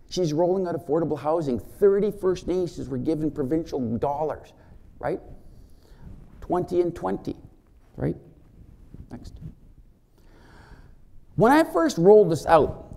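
A man giving a conference keynote as a First Nations chief, animated and joking, often asking the audience questions. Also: a little high.

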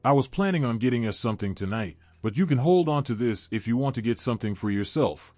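An anxious teenage boy with a hesitant, awkward way of talking, read by a man narrating a horror story. His voice sits at an ordinary middle pitch, with soft music faintly behind it. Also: expressive, fast talker, no room sound, natural voice. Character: nervous teenage boy who stutters.

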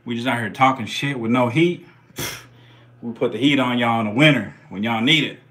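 A man's voice: medium pitch, fairly quick, a bit bright. A man hosting a live stream, giving casual commentary in slangy, profane, hyped-up banter.

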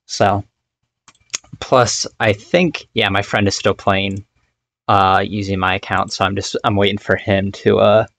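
A man's voice: lowish voice, vocal fry, no echo. A young man streaming for the first time, chatting casually and apologetically while setting up, on a cheap microphone. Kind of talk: casual chat. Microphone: cheap desk microphone.

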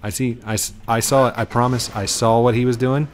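A man's voice: medium pitch, fairly even intonation, a little fast, a little hiss or hum. A man giving casual let's play commentary as a gaming YouTuber, goofy and playful, talking to his viewers.

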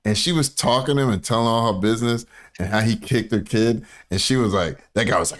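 A man's voice: lowish voice, quick pace. Laid-back man chatting on stream. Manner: laid-back, rambling, chuckling asides. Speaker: stream host reacting to a video. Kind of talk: casual live-stream commentary.

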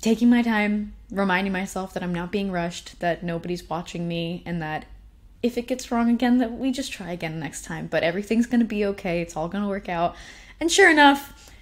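A young woman telling a personal story at a conference, chatty and self-deprecating, often laughing. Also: lowish voice. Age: young adult. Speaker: conference speaker.

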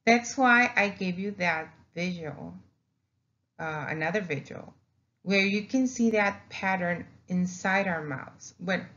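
Spanish-native woman teacher, unhurried, demonstrative, muffled lo-fi audio. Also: fairly low pitch, fairly bright tone. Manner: explanatory, repeats words, demonstrates vowel sounds. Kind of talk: recorded classroom lesson. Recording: dull lo-fi recording.

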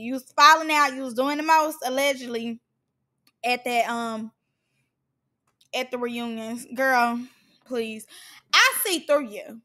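A young woman giving a sassy, shady recap of a reality show, mocking the cast. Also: high-pitched. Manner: sassy, shady, animated, mocks cast members in put-on voices.

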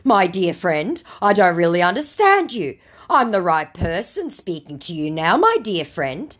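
Woman putting on a high, pleading male scammer. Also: sing-song. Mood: fawning. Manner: pleading, syrupy, slow and high.

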